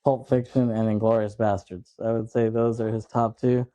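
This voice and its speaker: A man's voice: mid-range voice, little pitch movement, moderate pace, warm tone, dry recording. A man co-hosting a film podcast, chatting casually and retelling scenes at length. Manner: rambling retelling of movie scenes. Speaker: podcast co-host.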